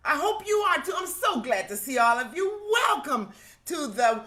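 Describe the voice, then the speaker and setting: A woman with a high, very animated voice talks at a moderate pace, her tone pushed and bright. She hosts a livestream singing program, whooping exuberantly as she greets viewers one by one by name over a video call, giving a lively livestream welcome.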